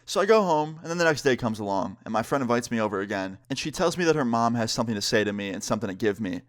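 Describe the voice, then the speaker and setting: A man's voice: medium pitch, very fast. Casual young man telling a storytime. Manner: casual, animated storytelling with filler words. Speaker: vlogger. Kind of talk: storytime vlog.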